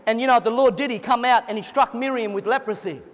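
A man preaching a fervent sermon as pastor at a church service, at times breaking into shouts. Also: very high voice, quick pace, big-room sound.

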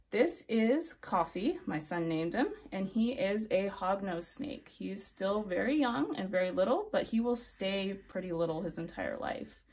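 A woman calmly explaining snakes and venom to children, friendly and plain. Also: medium pitch. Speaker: snake keeper and educator.

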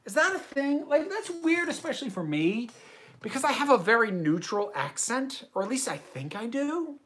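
A man's voice: very high voice, sing-song, normal speed, fairly bright tone. A young American man hosting a livestream Q&A from his bedroom, reading chat questions aloud and answering them in long tangents. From United States. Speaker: host.

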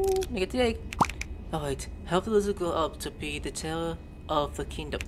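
A gameplay streamer with a high, sing-song voice talks at normal speed over game music. He gives casual let's-play commentary, reads on-screen text aloud, spells out words letter by letter, and swears when something surprises him.

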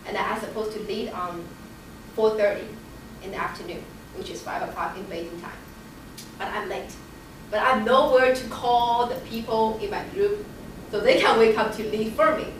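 Woman, high-ish voice, lively storytelling, distant mic, very echoey noisy room. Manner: animated storytelling, acting out quoted voices. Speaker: Bible study member sharing a testimony. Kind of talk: casual personal testimony.

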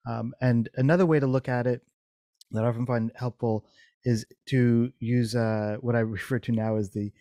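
A man gives a thoughtful explanation as an interview guest, often repeating words while he shapes an idea. His voice is warm and mellow. The recording is dry and close, with no room sound. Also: medium pitch, steady tone, moderate pace, no echo. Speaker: guest designer.

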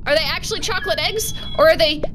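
A woman streaming a game live, chatting with viewers in an animated, jokey way with sudden yelps. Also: very high-pitched, fast talker. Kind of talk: live gaming stream chat. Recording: noisy background.

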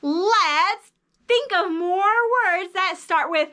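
A woman leading young children through a phonics lesson in a sing-song teacher voice. Her voice is very high, bright and lively, and she talks slowly and carefully. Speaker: early reading teacher.

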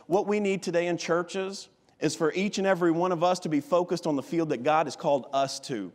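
Impassioned high-voiced man preaching in a reverberant church. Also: fairly quick. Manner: impassioned storytelling, voices Boaz addressing Ruth. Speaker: guest missionary preacher. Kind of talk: revival sermon. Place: church sanctuary. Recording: long church hall reverb.

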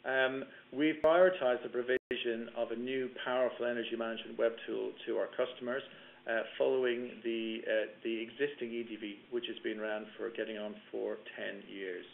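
A man's voice: medium pitch, steady tone, moderate pace, gravelly, a little hiss or hum. A man giving a business webinar presentation, talking through slides with fillers and restarts. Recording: tinny phone-line webinar audio.

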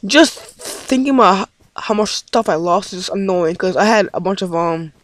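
A man's voice: high voice, lively intonation, normal speed, fairly bright tone, a little hiss or hum. A man giving rambling let's play commentary on his game, easily frustrated and swearing often. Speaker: gaming commentator.

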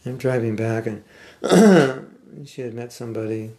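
An older American man with a General American accent giving a scripture class, speaking thoughtfully with some halting restarts and reading passages aloud. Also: mid-range voice, expressive, mellow. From United States. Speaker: spiritual teacher. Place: class room.

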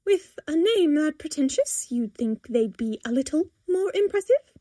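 Disapproving mother, sharp and incredulous, high and dry, read by a woman. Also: big pitch swings, slow pace, no room sound, heavily acted. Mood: grumbling. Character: disapproving, suspicious middle-aged mother.

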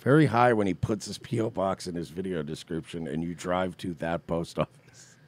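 A man's voice: low-pitched, steady tone, normal speed. A man co-hosting a show, giving sarcastic, mocking commentary on video clips. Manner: sarcastic, mocking, does mock voices. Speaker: co-host.

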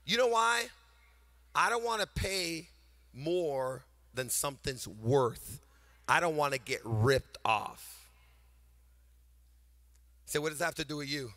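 An older man preaching a sermon to a congregation, animated and sing-song, swinging between loud emphasis and quiet storytelling. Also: on the high side, no room sound. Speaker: pastor. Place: church sanctuary before a congregation.

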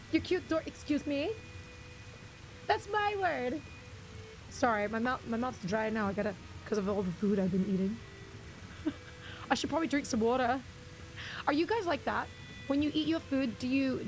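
A woman's voice: fairly high pitch, darkish tone, slight background noise. A young woman streamer chatting casually with her live chat, giggly and talkative, reading out viewer names.

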